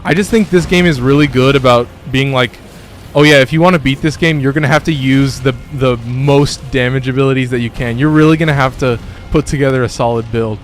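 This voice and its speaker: A man's voice: medium pitch, a little fast, soft background music. A young man streaming a game from his bedroom, chatting with viewers and swearing at enemies mid-fight. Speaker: gaming streamer. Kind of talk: casual live-stream commentary. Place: home bedroom. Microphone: phone.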